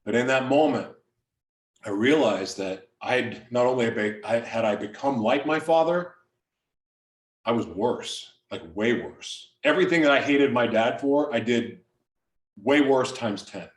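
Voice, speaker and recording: A man's voice: mid-range voice, expressive, measured pace. A man, a podcast guest, giving a frank, confessional personal testimony in blunt everyday language. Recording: roomy sound, distant from the mic.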